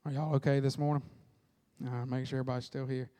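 A man preaching a Sunday sermon, folksy and animated, acting out quotes along the way. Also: medium pitch, fast. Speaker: pastor. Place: church sanctuary. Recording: long reverb of a church hall.

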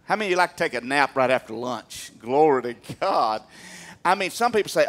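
A man preaching a sermon in church, animated, swinging from loud emphatic peaks down to quiet asides. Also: mid-range voice, a little fast. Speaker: pastor.

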